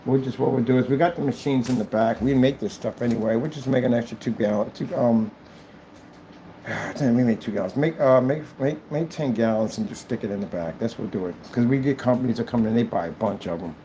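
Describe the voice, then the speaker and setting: A man's voice: mid-range voice, brisk, dark tone, slight background noise. A man who runs a small business, talking casually and rambling as he works on a livestream, thinking aloud and mocking his critics. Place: indoor business premises.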